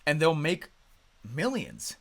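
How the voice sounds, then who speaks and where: Male business coach, higher register, energetic and emphatic motivational storyteller. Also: vocal fry. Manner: energetic and emphatic, with loud bursts; quick, conversational storytelling with restarts.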